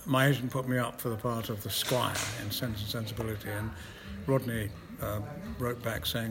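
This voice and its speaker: In a relaxed interview, an older man from Scotland, an actor, spins stories and chuckles at himself. He speaks at medium pitch with fairly even intonation, a moderate pace, and few pauses. A crowd can be heard amid the noisy background.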